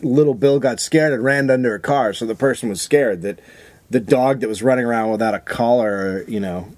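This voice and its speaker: A man co-hosting a comedy podcast, telling a story in crude casual banter and mimicking other people's voices with sudden high jumps. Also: fairly quick, darkish tone, no echo. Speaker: podcast co-host.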